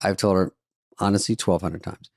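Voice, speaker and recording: A man hosting a podcast, telling a funny story in a wry, rambling, self-deprecating way, with quick asides. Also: sits low, fairly even intonation, darkish tone, no room sound, clean studio sound. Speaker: podcast host. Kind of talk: casual comedic storytelling.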